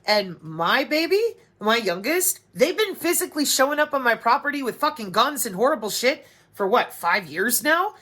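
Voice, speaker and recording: A middle-aged woman rants straight to camera in a bright, sharp-edged voice set a little high. She is profane and sarcastic, and she swerves into mocking asides. Her delivery is animated and blunt. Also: normal speed. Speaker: vlogger. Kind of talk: ranting monologue to camera.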